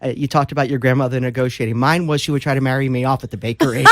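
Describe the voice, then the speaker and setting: A man's voice: medium pitch, very fast, hardly any pauses, dry recording. A man, an author and lawyer, talking as a guest in an interview, telling stories with many fillers. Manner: animated storyteller with fillers. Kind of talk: casual interview talk.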